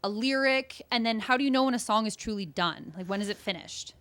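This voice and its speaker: A woman from the audience asking an earnest, halting question. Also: fairly high pitch, fairly bright tone.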